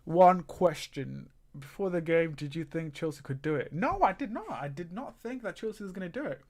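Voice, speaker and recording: This livestream host talks fast and sounds very animated, his voice sitting high. Watching football live with his chat, he groans and rants at the match in exasperation and talks straight to the viewers.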